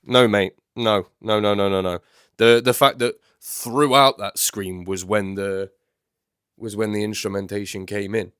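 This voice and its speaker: A man with a lower voice rambles through a music reaction, often correcting himself mid-sentence. His nose is blocked and he sounds congested from a recent flu. The sound is dry and close. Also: fairly even intonation, measured pace, fairly bright tone, smooth, no room sound. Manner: chatty, rambling, self-correcting. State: congested, getting over flu. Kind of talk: casual reaction commentary.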